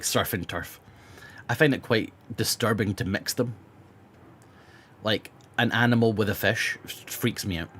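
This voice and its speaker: A man with a sore throat riffs on food to his live-stream chat. He speaks in a lowish voice, blunt and rambling, with plenty of swearing and many restarts. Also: a little slow, long pauses, a bit bright, slightly rough.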